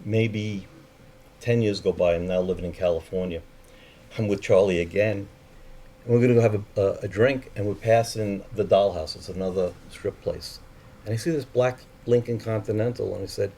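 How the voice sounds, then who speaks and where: A man's voice: fairly low pitch, moderate pace, dark tone, slight background noise. A man telling a personal story in a candid, profane way, acting out the voices of the people in it.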